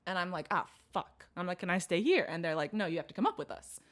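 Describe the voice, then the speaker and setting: Animated young woman telling a story. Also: on the low side, fast. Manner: animated storyteller, acts out quotes, laughs often, swears. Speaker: podcast guest. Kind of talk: casual storytelling chat.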